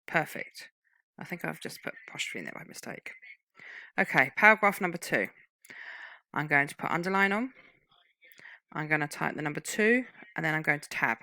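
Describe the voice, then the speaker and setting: A woman's voice: low-pitched, expressive, moderate pace, pauses often, bright, forceful tone, dry recording, low-quality recording. A woman giving a screen-recorded typing lesson, patiently explaining each term and step. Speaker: typing tutor.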